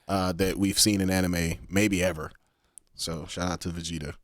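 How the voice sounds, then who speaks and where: A man's voice: sits low, normal speed, no room sound, clean studio sound. A man co-hosting a casual podcast, talking in profane street slang. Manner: slangy, profane, animated storytelling. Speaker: podcast co-host.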